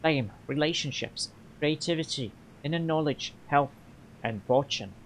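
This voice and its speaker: A man's voice: fairly high pitch, measured pace, slight background noise, low-quality recording. A man with a Polish accent voicing a small, blunt female orc companion in a video game. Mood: offhand.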